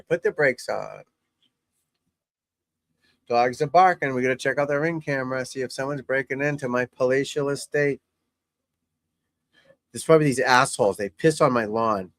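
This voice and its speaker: A man's voice: medium pitch, moderate pace, pauses often, dry recording. A middle-aged man, a golf instructor, chatting casually and bluntly while watching golf on TV, rambling and swearing freely. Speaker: golf instructor and channel host.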